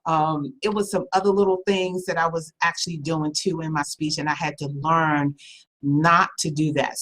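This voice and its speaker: A woman hosting an online webinar, giving speaking tips in a chatty, casual way with fillers and small laughs. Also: low voice. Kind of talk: casual instructional talk.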